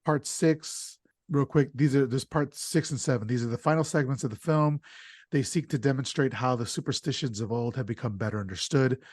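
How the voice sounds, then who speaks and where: A man hosting a podcast, retelling the plot of an old film in an animated, casual way with fillers. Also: medium pitch, brisk, no room sound, studio quality. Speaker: podcast host.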